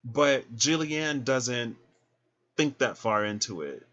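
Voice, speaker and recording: A man giving a casual tarot reading, chatty and animated, who laughs often and acts out little scenes. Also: mid-range voice, takes it slowly, muffled recording. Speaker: tarot reader.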